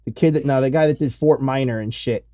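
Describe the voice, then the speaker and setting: A man's voice: mid-range voice, crowd noise. Rambling, profane man co-hosting a podcast. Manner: rambling, profane, quick to laugh. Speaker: podcast co-host. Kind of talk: casual chat.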